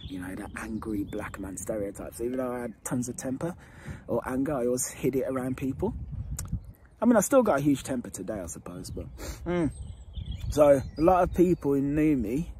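A man working as a dating coach, telling his own story to camera in a candid, earnest way. He repeats phrases for emphasis and sometimes drops to a hushed tone. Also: mid-range voice, slight background noise.

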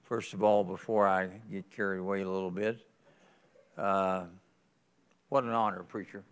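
An eighty-something pastor from West Virginia, with the accent to match, tells folksy stories during a sermon in a church conference hall and chuckles often. His voice is deep and smooth, delivered flatly at a moderate pace.

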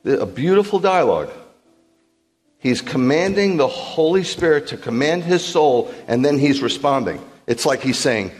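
A rabbi speaks at normal speed in a mid-range voice, with big-room sound and soft music behind him. Preaching to a congregation in a large hall, he teaches animatedly and asks the room questions, often checking that they follow.

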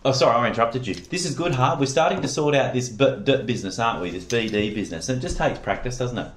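A man's voice: mid-range voice, fast talker, a bit bright, slight background noise. A man tutoring a child one-on-one in phonics, giving patient, encouraging drill prompts. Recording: echoey room.

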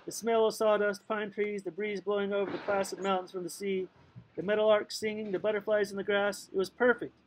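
A man's voice: high voice, level tone, brisk, a little hiss or hum, rough recording. A man reading a novel aloud in a loose, playful way, stumbling now and then and making asides. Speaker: audiobook reader. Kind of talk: casual read-aloud narration.

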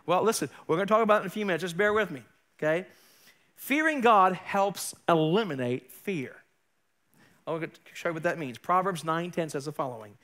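A male pastor preaching a sermon in a church, emphatic and building to forceful peaks. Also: sits high, animated, a little fast. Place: church sanctuary.

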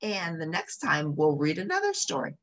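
Female storyteller, low and animated, reading a children's story. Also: normal speed.

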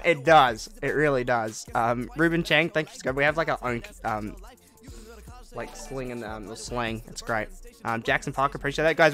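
A man's voice: mid-range voice, bright, forceful tone. An eighteen-year-old Australian man chatting casually on a gaming live stream, answering viewer comments in a laid-back way.

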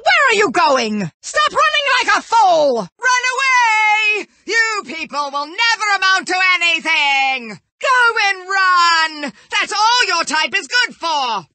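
A woman voicing a haughty, unhinged society lady in a video game, shrill and imperious, swinging between sighs and screams. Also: bright, forceful tone, no echo, heavily acted. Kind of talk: video game character barks.

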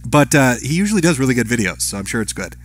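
On a live stream, a man with a medium-pitched, sing-song voice reads chat names and viewer messages aloud at a quick pace. He answers each with a short, offhand remark.

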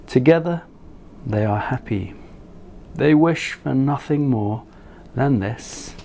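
Slow, gravelly storybook reader. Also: male voice, mid-range voice, lively intonation, a little hiss or hum. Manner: gentle, unhurried storytelling, speaking to children. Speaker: picture book author reading his book. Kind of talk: storybook read-aloud.

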